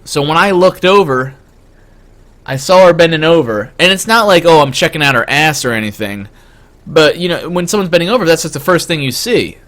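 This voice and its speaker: A man tells a story on a live stream in a fairly high, lively voice that jumps around constantly. He stammers, restarts and fills every pause with "like" and "you know.". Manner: excitable, stammering, lots of fillers.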